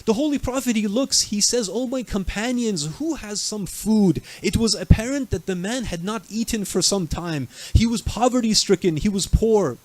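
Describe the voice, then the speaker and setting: A man's voice: high-pitched, normal speed, hardly any pauses, a little mellow, dry recording. A male preacher telling a religious story in a night sermon, dramatic, acting out the people he quotes. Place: mosque.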